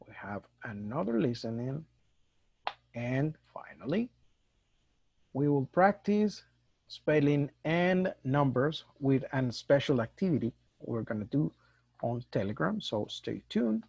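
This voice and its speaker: Slow-talking male teacher. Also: mid-range voice, a little mellow, breathy edge, dry recording. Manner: slow, mixes Spanish and English explanations. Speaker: English teacher. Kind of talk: recorded online lesson. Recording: dull dry lo-fi recording.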